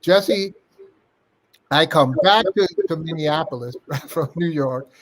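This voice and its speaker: A man's voice: a little high, slow pace. Older man animatedly telling stories. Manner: animated anecdote-teller, acting out quoted dialogue. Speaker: interview guest. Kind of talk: storytelling interview.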